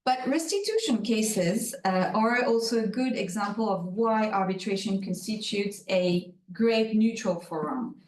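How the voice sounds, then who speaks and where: A woman's voice: mid-range voice, measured pace, hardly any pauses, darkish tone, a little hiss or hum. French-accented woman giving a keynote. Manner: careful, frequent "uh" and "um" fillers, self-corrections. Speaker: keynote speaker, in-house lawyer. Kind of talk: conference keynote lecture. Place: lecture room. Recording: roomy echo, voice from far off.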